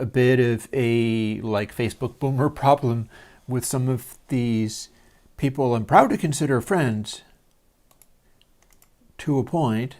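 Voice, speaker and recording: A man hosting a livestream from his home studio, talking in a meandering, casual way with many pauses and fillers. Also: mid-range voice, a little mellow. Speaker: livestream host. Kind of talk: casual rambling monologue.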